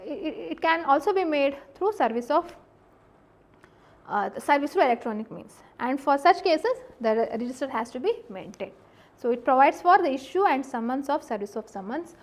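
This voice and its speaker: A woman with an Indian English accent giving an exam-prep law lecture, explaining points carefully and repeating key ones, with frequent fillers. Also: high-pitched.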